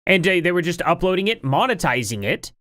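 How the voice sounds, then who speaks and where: A man's voice: sits high, big pitch swings, a little fast, a bit bright, no room sound. A man giving rambling, opinionated commentary in a casual style, often sounding incredulous. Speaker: online commentary streamer.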